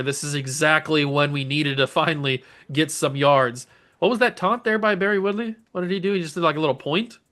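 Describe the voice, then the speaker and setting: Excitable man narrating his football game. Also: fairly high pitch. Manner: animated, talks to his players and cheers plays. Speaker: gaming channel host. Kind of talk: casual let's-play commentary.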